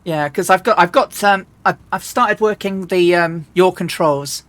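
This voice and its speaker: A woman streamer chatting casually and rambling as she flies a simulator, often restarting and clearing her throat. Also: lowish voice, unhurried, no room sound. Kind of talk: casual live-stream chat while flying a flight simulator.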